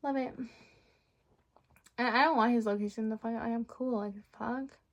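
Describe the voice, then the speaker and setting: A woman's voice: fairly high pitch, normal speed. Blunt, profane young woman ranting. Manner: blunt, profane, animated retelling. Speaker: vlogger. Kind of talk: casual storytime rant.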